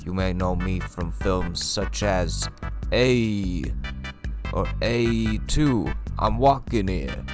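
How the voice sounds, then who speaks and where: A man doing a brash, fast-talking mobster ice salesman in a spoof radio ad, all wiseguy patter and hard sell. The voice sits low, and a loud music bed plays under it. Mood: brash, salesy. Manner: brash New York wiseguy patter, ad pitch.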